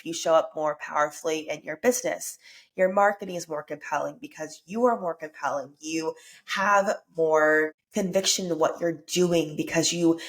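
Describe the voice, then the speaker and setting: A woman hosting a solo motivational podcast, speaking in an upbeat, earnest way while congested with a stuffy nose and sore throat. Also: low voice. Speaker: podcast host.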